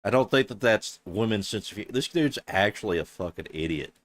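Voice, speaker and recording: A man with a low voice, streaming from a close, dry desk mic. He reacts to a clip with sarcastic, exasperated commentary and swears freely. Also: animated, fairly quick, a bit bright, dry recording.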